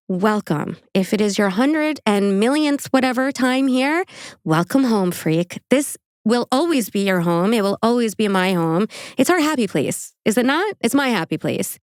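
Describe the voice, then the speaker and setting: A woman hosting a casual true crime podcast, chatty and animated, laughing often and filling her talk with "like". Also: on the high side, measured pace, dry recording, clean studio sound. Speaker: podcast host.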